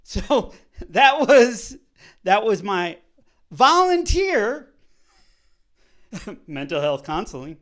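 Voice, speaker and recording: Animated man telling a story. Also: high voice, slow pace. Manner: animated, swearing, swings loud and soft, laughs often. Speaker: vlogger. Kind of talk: casual storytelling monologue.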